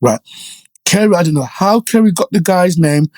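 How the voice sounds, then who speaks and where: A middle-aged man raised in Jamaica appears as a guest in a relaxed interview, recounting events with lively energy at a normal speed. His voice is a little higher than most men's, and he often adds "you know" and "right?" to his stories. The audio is close and dry, with no echo.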